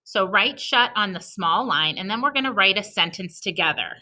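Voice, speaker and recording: In this recorded video, a woman with a medium-pitched, pushed and bright voice and lively intonation teaches young kids to read. She sounds out each letter with slow patience and praises them.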